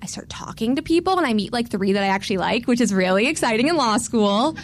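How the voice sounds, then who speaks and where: A woman's voice: fairly high pitch, lively intonation, quick pace, slight background noise. A woman in her twenties telling a personal story to an audience in a candid, self-mocking way, laughing as she goes.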